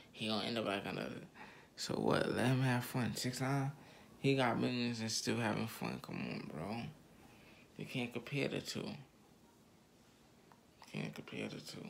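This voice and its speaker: Gravelly low-voiced man ranting. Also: fairly bright tone, a little hiss or hum. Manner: heated, repetitive, slangy street talk addressed to "y'all". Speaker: online commentator. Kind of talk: ranting commentary to viewers.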